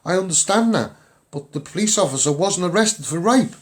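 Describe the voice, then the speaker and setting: Speaking with a Liverpool (Scouse) accent from England, a man chats casually and upbeat to viewers on a livestream. His high voice has lively intonation and a slightly fast pace, and he rambles, repeats himself, and says um a lot.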